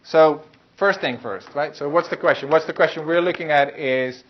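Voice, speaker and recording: A man with a fairly high voice lectures a university class at normal speed, his conversational delivery peppered with fillers and false starts. A faint hiss runs through the muffled recording.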